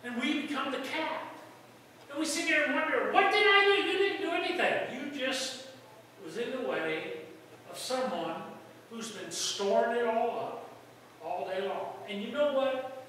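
A male pastor preaches in a folksy, storytelling way, his high voice bright and ringing. He breaks into sudden loud outbursts. The sound carries a long hall echo and comes from well away from the mic. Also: animated, measured pace, a little hiss or hum. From United States. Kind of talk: sermon. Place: church sanctuary. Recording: echoey hall from far off.

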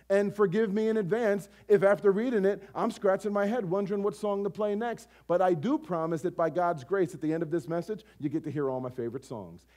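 A male pastor delivers a sermon in a conversational, animated way, packing it with rhetorical questions. His voice runs on the high side.

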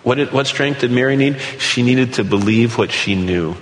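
A man preaching an earnest sermon, slowing down to read scripture aloud. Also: medium pitch. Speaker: pastor. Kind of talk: sermon teaching. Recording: echoey hall with light background noise.

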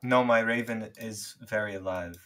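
A man's voice: fairly low pitch, normal speed, fairly bright tone. A man playing in a tabletop game, talking casually in a flustered, bewildered way. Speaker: player.

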